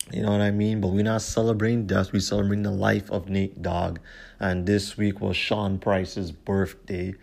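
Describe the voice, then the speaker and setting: A man's voice: lowish voice, vocal fry, darkish tone. A man hosting his own podcast, talking casually in a profane, slangy way and often repeating "you know what I'm saying". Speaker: podcast host. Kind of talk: casual solo podcast talk.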